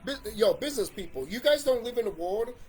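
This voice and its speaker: A man's voice: extremely high pitch, lively intonation, a little fast, soft background music. A man in a casual ranting monologue about video games, swearing and rambling with restarts. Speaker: YouTube commentator.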